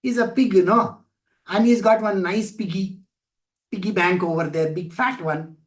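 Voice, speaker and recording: A high-pitched man teaching a scripture class, telling a story with animated acted-out voices. He keeps asking his listeners questions. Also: normal speed. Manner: animated storytelling, acting out voices of people and gods. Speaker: spiritual teacher.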